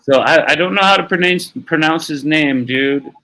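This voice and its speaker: A man's voice: fairly high pitch, normal speed, pushed and bright, rough recording. A man hosting a live stream, chatting casually about sports in a rambling, laid-back way and swearing now and then. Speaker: stream host.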